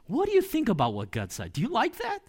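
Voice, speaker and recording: The serpent of a sermon's story, as a man puts it on: sly, coaxing and mocking, voice pushed up high and lively. He needles with one teasing question after another. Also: fast talker, slightly rough, full character voice. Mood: sly, needling. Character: sly tempting male serpent, needling and insinuating.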